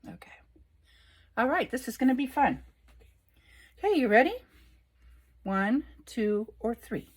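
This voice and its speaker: An older woman reading oracle cards aloud in a relaxed vlog, delighted and unhurried. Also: on the high side, slightly rough. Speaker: oracle card reader. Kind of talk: casual card reading vlog.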